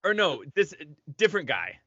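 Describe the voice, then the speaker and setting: A man co-hosting a movie podcast, chatting casually and telling relaxed anecdotes. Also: a little high, normal speed, breathy edge, no room sound. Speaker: podcast co-host. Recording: dry, slightly muffled podcast audio.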